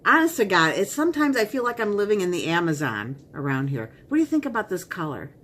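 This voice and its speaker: Lively chatty woman vlogging makeup. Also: medium pitch, quick pace, a little hiss or hum. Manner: chatty and rambling, talks to herself. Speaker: beauty vlogger. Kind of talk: casual unboxing chat.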